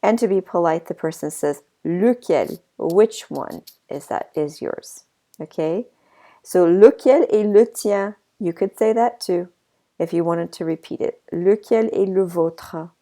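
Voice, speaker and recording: A woman teacher explaining French grammar in a relaxed recorded lesson, with fillers, asides and a slight cough. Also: on the low side, unhurried. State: a bit of a cough.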